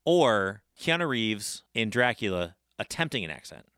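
Man, podcast co-host, emphatic, lively up-and-down pitch. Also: moderate pace, smooth, no room sound, clean studio sound. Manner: animated, emphatic. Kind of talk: casual chat.

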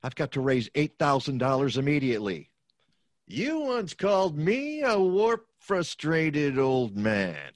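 A man's voice: fairly high pitch, wildly swooping pitch, a little slow, no echo, studio quality, pitched below the performer's own voice. A man voicing a greedy, cruel old male banker in a comic parody, speaking with gloating, contemptuous scorn. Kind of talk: comic radio parody acting.

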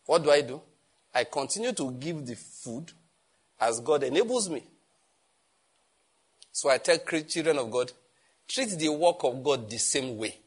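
Emphatic pastor preaching. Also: male voice, on the high side, a little slow, pauses often, husky. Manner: animated, emphatic, fond of rhetorical questions. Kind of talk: sermon.

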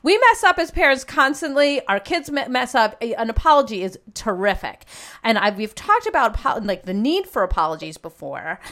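A woman's voice: fairly high pitch, very animated, moderate pace, a bit bright. A woman hosting a parenting podcast, asking questions in a chatty, enthusiastic way with self-deprecating asides. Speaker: podcast host. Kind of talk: podcast interview.

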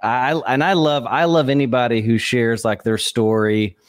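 A man's voice: medium pitch, fairly even intonation, normal speed, clean tone, dry recording, clean studio sound. A man giving a comedian feedback with enthusiasm, stumbling and restarting as he talks. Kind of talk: spoken feedback.

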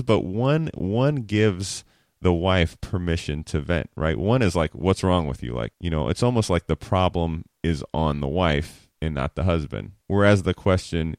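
A deep-voiced man explains conversation techniques in a relaxed, teacherly way. He keeps checking in with the listener as he goes. The sound is dry and close. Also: no room sound. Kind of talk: explaining communication skills.

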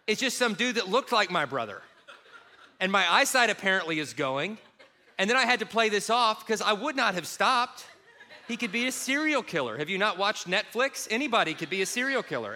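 A man's voice: sits high, slight background noise. A middle-aged man from Kentucky preaching a sermon, mixing funny personal stories with scripture. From Kentucky, USA. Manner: animated, self-mocking humor with quoted voices. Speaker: pastor. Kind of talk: sermon with storytelling.

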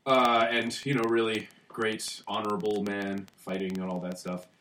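A man co-hosting a podcast who explains things haltingly, often pausing to search for words. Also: on the low side, flat delivery, fairly bright tone. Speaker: podcast co-host. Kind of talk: casual chat. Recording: echoey room, mic at a distance, faint hiss.

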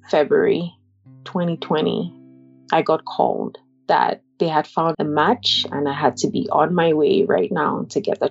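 A young woman candidly recounting a personal experience in a halting, conversational way, with many fillers and restarts. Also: low-pitched, vocal fry, a little mellow, lo-fi sound. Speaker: interviewee sharing a personal story.

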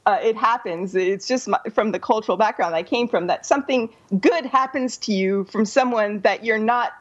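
A woman's voice: fairly high pitch, normal speed, lo-fi sound. A woman co-hosting a casual talk show, telling a story in a chatty way. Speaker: podcast co-host. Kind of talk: casual chat.

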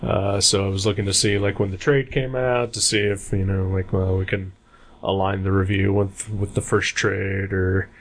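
A man's voice: low voice, level tone, normal speed. A man co-hosting a casual comics podcast, talking in a rambling, hesitant way with many fillers. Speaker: podcast co-host.

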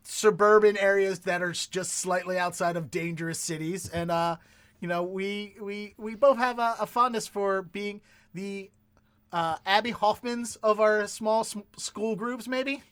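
Casting note: male podcast host, Baltimore accent, bright, high voice, laughy and chatty. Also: unhurried, clear, resonant tone. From Baltimore area, US. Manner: laughs often, lots of filler "uh"s. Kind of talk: casual chat.

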